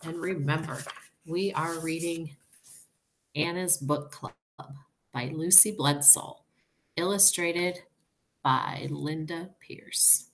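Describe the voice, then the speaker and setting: Woman teacher for a recorded reading lesson, low-ish voice, very slow and patient delivery. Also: fairly bright tone. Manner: patient, explanatory, slow and deliberate.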